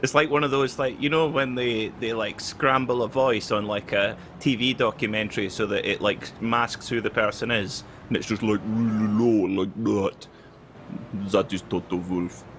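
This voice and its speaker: A male co-commentator on a live race stream speaks in a bright, forward voice. He is playful and jokey as he reads out donations. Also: medium pitch, fairly even intonation, normal speed, hardly any pauses, slight background noise.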